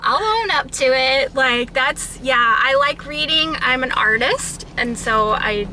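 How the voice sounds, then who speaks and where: A middle-aged woman and mother chatting casually as a guest, speaking softly, laughing easily and giving short agreeing replies. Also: sits high, expressive, noisy background. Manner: soft-spoken, quick to laugh, brief agreeing replies. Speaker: guest, homeschooling mom and artist. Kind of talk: casual chat.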